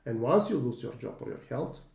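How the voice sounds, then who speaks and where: Hesitant man with a mellow voice. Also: mid-range voice, very animated, a little fast, gravelly, echoey room. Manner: hesitant, many fillers and restarts, earnest. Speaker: podcast co-host. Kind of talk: casual discussion.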